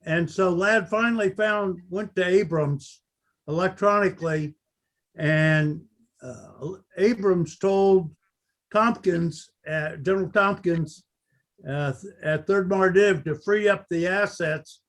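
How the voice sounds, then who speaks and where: A man in his seventies, a veteran telling his account of a battle, halting often with fillers. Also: sits high, a bit bright. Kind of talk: unscripted recollection.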